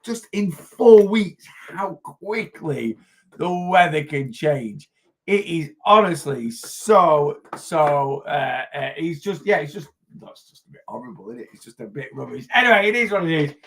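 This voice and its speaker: A middle-aged Lancashire man talks through a weight loss live stream in a rambling, chatty way, full of asides and restarts. His voice sits a little high for a man. He greets viewers one by one and gives everyday diet tips. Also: expressive, a little slow, a bit bright, a little hiss or hum. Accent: Lancashire English. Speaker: weight loss livestream host. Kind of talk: casual livestream chat.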